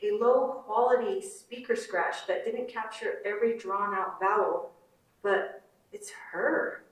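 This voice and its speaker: A woman at a conference reads fiction aloud at a slow, measured pace. The recording is roomy and echoing. The mic sits well away from her. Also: medium pitch, a little hiss or hum. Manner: measured, unhurried reading. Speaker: conference presenter. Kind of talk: reading a short story aloud, then commentary. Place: conference room. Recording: roomy hall from far off.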